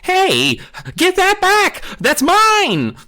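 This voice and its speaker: A man voicing a whiny, nerdy genius boy with a shrill, demanding voice, read aloud from a storybook. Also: wildly swooping pitch, drawn-out words, fairly bright tone, husky, heavily acted. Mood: whining.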